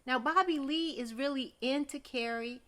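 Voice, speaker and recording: A woman's voice: high voice, moderate pace, pushed and bright. A woman recapping a TV episode in a chatty, gossipy way, exclaiming often and talking straight to her viewers. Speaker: TV recap host.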